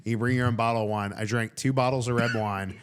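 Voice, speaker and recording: A man co-hosting a comedy podcast, telling rambling, animated stories in casual chat with lots of fillers. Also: mid-range voice, fast talker, smooth. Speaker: podcast co-host.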